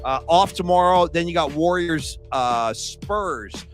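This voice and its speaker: A man hosting a podcast, telling stories in a casual, animated way and saying "dude" often. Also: a little high, takes it slowly, faint music behind. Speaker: podcast host.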